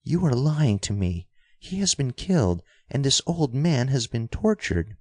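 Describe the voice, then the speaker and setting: A man's voice: lowish voice, animated, moderate pace, a little mellow, no room sound, studio quality. A man doing a desperate, defiant young woman. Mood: impassioned. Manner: impassioned, urgent.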